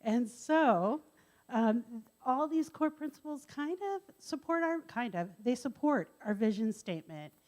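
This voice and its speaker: A woman speaks to a church congregation with bright enthusiasm, her voice sitting a little high. She calls out to the room and stresses her points. It is a live talk in a sanctuary. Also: lively intonation, unhurried. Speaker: service speaker. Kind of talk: sermon-style talk to congregation.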